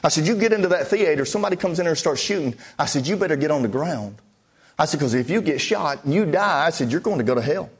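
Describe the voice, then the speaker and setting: A man's voice: a little high, lively intonation, fast. A man preaching, telling a testimony story in a folksy way with many "I said" asides. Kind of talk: storytelling sermon.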